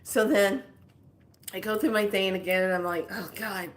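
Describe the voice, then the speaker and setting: Woman, 50s, casual storytelling, animated, laughing often, voices other people. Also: medium pitch, normal speed. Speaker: spiritual healer.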